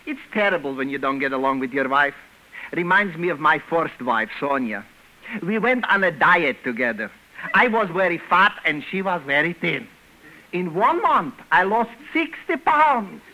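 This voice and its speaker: A thick-accented comic immigrant flute player. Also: male voice, on the high side, normal speed, heavily acted. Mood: deadpan. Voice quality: thick comic foreign accent, broken English. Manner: deadpan joke delivery. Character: fussy immigrant flute player, middle-aged man. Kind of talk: 1940s radio comedy acting. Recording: noisy old radio broadcast recording.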